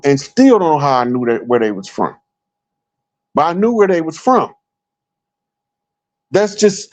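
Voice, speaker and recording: Animated storytelling man, higher voice. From Chicago. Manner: animated storyteller, acts out quoted remarks. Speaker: guest speaker. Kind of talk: casual storytelling talk.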